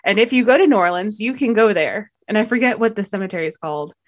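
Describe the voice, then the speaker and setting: A woman's voice: medium pitch, lively intonation, fast talker, no room sound, clean studio sound. A woman co-hosting a casual podcast, telling stories in a rambling way and often correcting herself. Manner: rambling, self-correcting storyteller. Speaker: podcast co-host.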